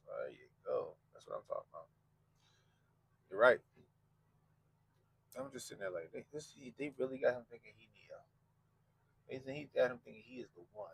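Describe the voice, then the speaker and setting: A man's voice: medium pitch, animated, normal speed, gravelly, long pauses, dry recording, low-quality recording. A man hosting a podcast, talking casually and profanely, mocking people and quoting them in put-on voices. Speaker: podcast host. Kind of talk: casual commentary chat.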